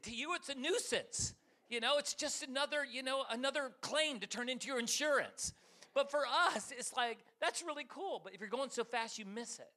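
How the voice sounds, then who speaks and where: A middle-aged man preaching as a guest speaker, his voice pitched high and bright. He tells stories with animated energy, acting out voices and swinging between loud bursts and quieter reflection. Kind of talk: sermon with storytelling.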